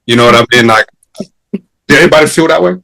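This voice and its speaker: A man's voice: medium pitch, fast talker, vocal fry, bright, forceful tone, low-quality recording. A man from Africa hosting a casual podcast chat, blunt and joking, with slang and swearing. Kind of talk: casual group discussion.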